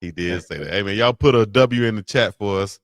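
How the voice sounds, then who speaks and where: A man's voice: lowish voice, brisk, no room sound, studio quality. A man co-hosting a casual live-stream show, joking and laughing as he talks. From Alabama. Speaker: co-host.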